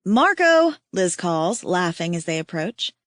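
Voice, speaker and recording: A woman's voice: mid-range voice, normal speed, no echo. Woman narrating an audiobook, close and dry. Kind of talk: first-person audiobook narration.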